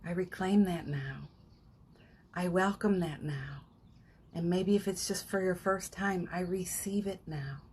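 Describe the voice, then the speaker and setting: A woman hosting a live morning session as a spiritual coach, chatting casually and leading guided affirmations, with frequent laughs and soft, almost whispered phrases. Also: fairly low pitch, unhurried, a little hiss or hum. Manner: chatty, warm-hearted, laughs often, breaks into soft affirmations. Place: home, streaming live from her phone.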